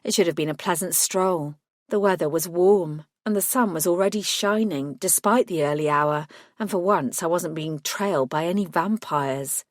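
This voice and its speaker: A woman reading a first-person paranormal audiobook with wry, measured narration. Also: on the low side, no echo, clean studio sound.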